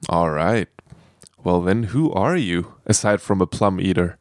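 Podcast host, lowish voice. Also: male voice, animated, unhurried, background noise. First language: German. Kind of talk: podcast intro and interview questions.

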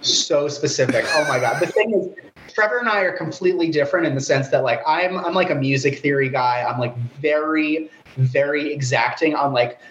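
A man's voice: a little hiss or hum, low-quality recording. Nasal-voiced man, chatty guitarist. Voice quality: relatively high, nasal voice. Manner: fast, animated, talkative, self-deprecating. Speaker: guitarist and songwriter, guest. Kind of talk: casual interview chat.

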